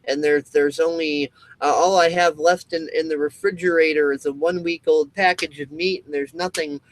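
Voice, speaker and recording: A man's voice: on the high side, steady tone, moderate pace, no room sound, rough recording. Rambling, swearing male video host. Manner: rambling, with many restarts; swears freely. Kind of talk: casual monologue.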